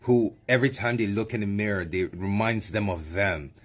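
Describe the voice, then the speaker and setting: Sarcastic husky man ranting. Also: on the low side, moderate pace. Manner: sarcastic, mocking, emphatic. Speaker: commentator in a played clip.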